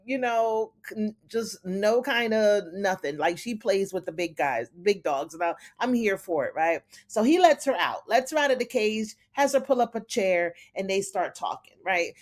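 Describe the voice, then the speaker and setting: A chatty woman recapping a TV episode in a loose, conversational way at a middle pitch. She is animated and keeps calling her viewers honey as she walks through the scenes. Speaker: TV recap host.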